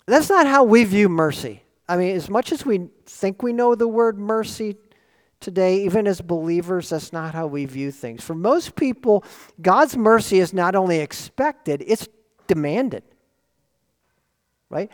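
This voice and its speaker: A man preaching a sermon in an earnest, lively way, often asking rhetorical questions. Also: high-pitched, measured pace, pauses often. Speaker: pastor. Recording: long reverb of a large hall.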